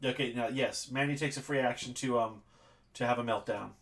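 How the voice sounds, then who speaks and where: A man narrating as game master of a tabletop game, animated and quick to laugh. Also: mid-range voice.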